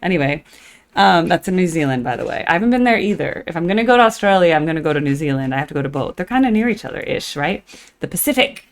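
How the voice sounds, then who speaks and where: Chatty low-voiced woman reacting to music. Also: animated, fast talker. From United States. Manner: rambling, chatty, with frequent fillers; sings snatches of songs. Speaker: reaction video host. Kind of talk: casual chat. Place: at home in the morning.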